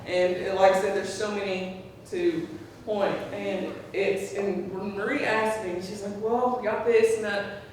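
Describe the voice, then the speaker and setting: A woman's voice: medium pitch, level tone, measured pace, a little mellow. A woman shares personal stories with a gathered audience, acting out the voices she quotes and laughing often. Her voice is caught from far off in a big hall with heavy echo. A faint hum sits underneath. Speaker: speaker at a memorial tribute. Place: large hall at a community gathering.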